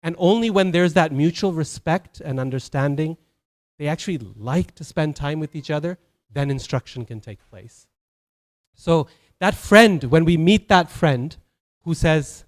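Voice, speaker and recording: A man's voice: a little high, expressive, a little slow, a little mellow. A man giving a Sunday sermon as a temple speaker, telling stories conversationally, with many fillers and restarts.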